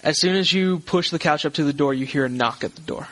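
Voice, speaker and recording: A man narrating a tabletop horror game as game master over a voice call, with halting, filler-heavy narration. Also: fairly high pitch, fairly bright tone, poor audio. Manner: halting, many fillers and restarts.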